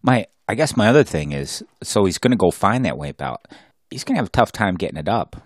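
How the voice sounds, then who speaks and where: Deep-voiced joking podcast host. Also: male voice, very animated, no echo, clean studio sound. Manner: joking, profane, quick asides. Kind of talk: casual podcast chat.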